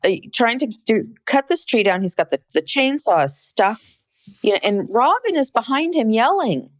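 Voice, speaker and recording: Woman podcast co-host, animated recap chat, lively pitch, dry close sound. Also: normal speed, no echo. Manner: animated, exclaims about frantic scenes. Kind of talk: casual reality TV recap chat.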